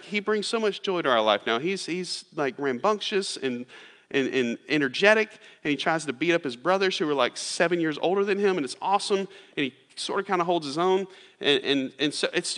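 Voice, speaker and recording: This pastor's voice sits on the high side, lively and a bit bright, and he talks fairly quickly. He tells his sermon as a relaxed story, sprinkled with "like" and restarts, and the sound echoes with a long reverb through the church sanctuary.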